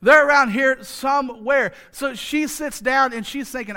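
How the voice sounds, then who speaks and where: This pastor has a bright, high voice and preaches a sermon at normal speed with very few pauses. He's highly animated and conversational, cracking jokes, throwing in plenty of rhetorical asides, and repeating phrases for emphasis.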